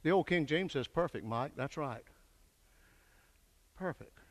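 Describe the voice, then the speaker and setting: An older man preaching a fervent sermon, swinging from hushed lines to shouted peaks and calling for answers from the congregation. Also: fairly high pitch, animated, unhurried. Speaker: pastor. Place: church sanctuary. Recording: echoey church hall.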